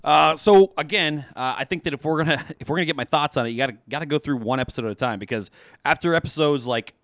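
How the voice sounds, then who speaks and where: A man's voice: a little high, quick pace, fairly bright tone, no room sound, clean studio sound. A man co-hosting a movie podcast, chatting casually and rambling as he goes through his thoughts. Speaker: podcast co-host. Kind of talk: casual chat.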